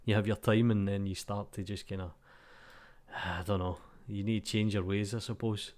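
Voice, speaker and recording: A man's voice: fairly low pitch, flat delivery, normal speed, a little mellow. A Scottish man in his thirties with a Glasgow accent, chatting casually and bluntly, swearing freely and poking fun at himself while he plays a game. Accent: Glaswegian Scottish. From Scotland. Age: 30s. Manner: sweary, blunt and self-deprecating; playing a game while talking. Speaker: YouTube 3D tutorial creator. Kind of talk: casual rambling vlog chat.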